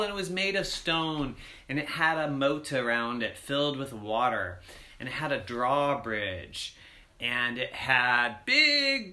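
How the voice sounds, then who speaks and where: A storyteller narrating a bedtime story in a playful, animated way. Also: medium pitch, unhurried.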